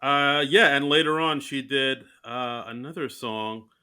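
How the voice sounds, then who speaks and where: Male podcast co-host, bright tone, animated and self-mocking, casual chat. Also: medium pitch, a little slow, clear, resonant tone. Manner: animated, self-mocking, talks in bursts with restarts.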